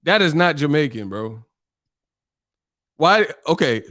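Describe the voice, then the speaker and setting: A man's voice: mid-range voice, moderate pace. Profane, joking man livestreaming about boxing. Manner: profane, joking, laughs often, mimics voices. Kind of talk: casual livestream chat reading viewer comments.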